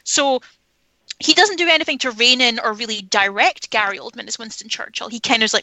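A woman's voice: a little high, a little fast, bright, forceful tone, no room sound, poor audio. A woman talking candidly about films in a casual podcast chat, opinionated and swearing freely. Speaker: film podcast panelist.

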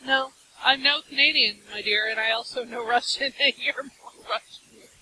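Woman, Minnesota accent, podcast co-host, teasing, loud, bright tone. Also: high-pitched, steady tone, normal speed, slight background noise, poor audio. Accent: American Midwest, Minnesota. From Minnesota, USA. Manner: loud, teasing, laughing outbursts. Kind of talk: casual podcast chat.

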